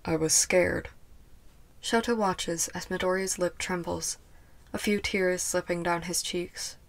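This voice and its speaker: A woman reading a fan fiction story aloud in scripted narration, with a soft and even storytelling manner. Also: lowish voice, a little slow. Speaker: podfic reader.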